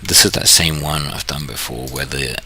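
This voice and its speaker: A man from New Zealand talks through his screen in a casual walkthrough, thinking out loud and cracking jokes at himself. His voice is very deep and gravelly, yet sharp and bright on top. A faint background noise runs beneath him. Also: normal speed. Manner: thinking aloud, self-correcting, jokey. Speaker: trading channel host.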